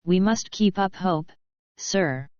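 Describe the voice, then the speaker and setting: A loyal old coachman speaks with earnest respect, as a woman reader voices him, in a fairly low, smooth voice. The recording is dry and slightly muffled. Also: slow, a little mellow, no echo. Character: loyal, humble older male coachman.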